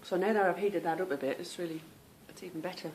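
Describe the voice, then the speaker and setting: A woman's voice: on the low side, fast, a little mellow, slight background noise. A woman hosting a podcast, chatting casually at home and calling her listeners "girl" and "girlies". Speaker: podcast host. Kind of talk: casual chat.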